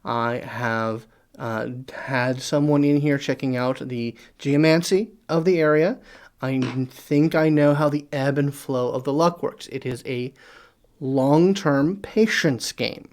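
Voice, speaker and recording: A game master voicing a calm, scheming long-lived husband. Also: medium pitch, slow pace, lightly acted. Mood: condescending. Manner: calm, condescending reassurance. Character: patient, scheming long-lived male gambler.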